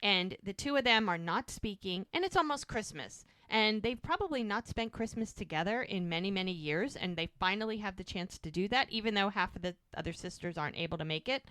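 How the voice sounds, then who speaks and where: Brief: woman podcast host, bright tone, dry close mic, lively recap storyteller. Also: mid-range voice, brisk, hardly any pauses, no echo. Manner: animated storyteller acting out scenes. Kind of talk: casual chat recapping a TV episode.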